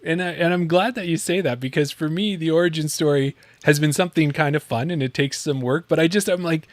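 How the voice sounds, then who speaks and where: A man's voice: a little high, a little fast, no room sound. A man from Canada co-hosting a casual podcast, chatty, laughing often and wandering off on tangents. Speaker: podcast co-host.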